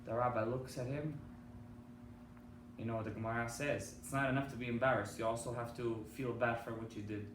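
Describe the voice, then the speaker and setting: A man's voice: mid-range voice, flat delivery, a little fast. A man, a rabbi, giving a sermon with an emphatic storytelling manner, asking his listeners questions. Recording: echoey hall from far off with faint noise.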